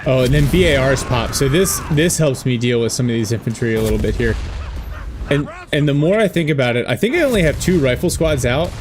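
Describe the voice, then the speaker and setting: A man casting a strategy game replay in a relaxed way, thinking aloud with fillers and joking about himself. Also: medium pitch, a little fast, over music. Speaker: game caster. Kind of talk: casual esports commentary over a replay. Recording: game battle sounds with gunfire and artillery behind.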